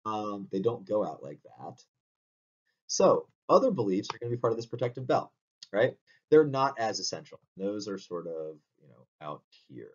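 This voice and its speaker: Low-voiced man lecturing, distant lo-fi. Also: sing-song, normal speed. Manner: explanatory, frequent "right?" tag questions. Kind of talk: recorded online lecture. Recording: dull distant lo-fi audio.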